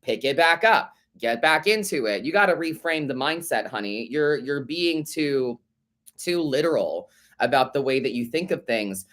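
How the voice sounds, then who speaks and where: A man's voice: medium pitch, animated, moderate pace, fairly bright tone. A man hosting a live tarot podcast, answering listener letters in a sassy, profane way, calling listeners babe and honey and repeating his points for emphasis. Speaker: podcast host and tarot reader.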